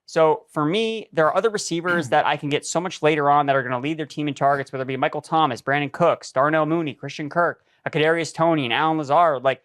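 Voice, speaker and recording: A man talking through his reasoning in a steady, analytical way on a podcast. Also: on the high side, fast, hardly any pauses, dry recording. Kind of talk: casual podcast chat.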